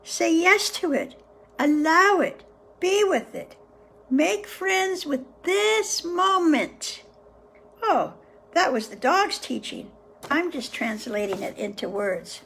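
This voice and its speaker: A high-voiced woman reads a book aloud to her viewers at a slow, unhurried pace, stopping to muse gently on each passage. Her pitch rises and falls freely, and a faint hiss sits under her voice. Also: very animated, gravelly. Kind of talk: reading aloud with casual reflections.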